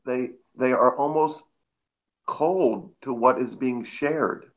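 A man calling in to a talk show, commenting haltingly and stumbling over his words. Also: mid-range voice, rough recording.

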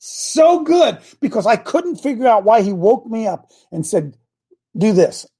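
A man hosting a Christian talk show as a coach, preaching emphatically, repeating key words slowly and calling out to his crew by name. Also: sits high, sing-song, mellow, slightly rough. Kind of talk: fiery preaching-style talk to viewers.

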